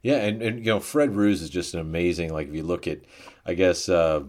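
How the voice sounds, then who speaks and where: A man chatting casually about films, hesitant and halting with many fillers. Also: sits low, a little mellow. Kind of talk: casual film chat.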